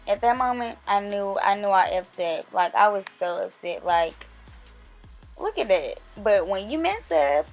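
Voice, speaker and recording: A young woman chats her way through a makeup tutorial, speaking straight to her viewers in a relaxed, conversational voice at an ordinary pitch. Soft music plays faintly underneath. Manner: chatty, talks straight to viewers. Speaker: beauty vlogger. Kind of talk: casual makeup tutorial narration.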